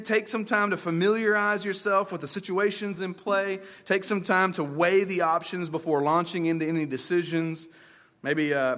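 A man delivering a Sunday sermon with a somewhat high voice. He talks in an easygoing, conversational way, slipping into casual paraphrases and stories. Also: a bit bright. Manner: conversational preaching with folksy asides and paraphrased dialogue. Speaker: pastor.

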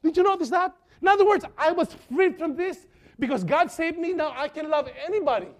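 A man preaching a sermon as a pastor, impassioned and pleading, swinging between loud and soft. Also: extremely high pitch, expressive, fairly quick.

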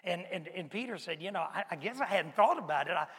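A blunt, hot-tempered fisherman apostle, played by a preacher tells his story in a high, bright voice. He lurches from loud outbursts to hushed whispers. A long reverb trails each line. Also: expressive, quick pace, slightly rough, exaggerated voice. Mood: agitated.

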